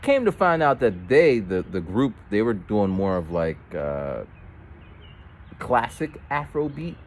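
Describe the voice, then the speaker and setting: A man with a low voice tells a long, rambling story as he walks down a street, his pitch rising and falling a lot as he talks. Passing cars and street noise are clearly heard behind him. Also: very animated, measured pace. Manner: rambling, with false starts and voiced quotes of others. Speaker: vlogger. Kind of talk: casual storytelling while walking. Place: outdoors on a street.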